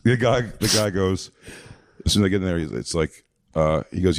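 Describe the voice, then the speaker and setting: A man's voice: low-pitched, a little fast, a little hiss or hum. A man telling a long, rambling, profane story in a casual chat, full of fillers and restarts.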